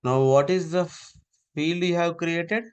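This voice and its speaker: A man's voice: a little high, unhurried, clear, resonant tone. A man teaching a live online class over a video call, giving repeated step-by-step instructions.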